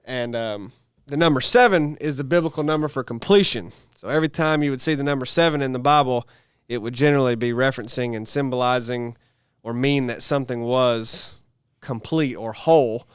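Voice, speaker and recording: Smooth-voiced man explaining. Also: medium pitch, fairly quick, dry recording, clean studio sound. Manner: explains at length, self-correcting. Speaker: podcast co-host. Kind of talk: casual chat.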